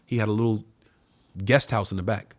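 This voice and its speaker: Animated man telling a story casually. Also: on the low side, fairly quick. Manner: animated storyteller, acts out quoted voices, swears freely. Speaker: comedian telling a story on a talk show. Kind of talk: casual storytelling among friends.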